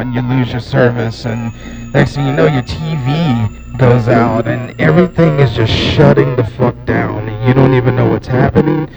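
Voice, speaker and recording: A man's voice: medium pitch, gravelly. A young man hosting a solo podcast, ranting in a rambling way with lots of swearing and fillers. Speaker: podcast host.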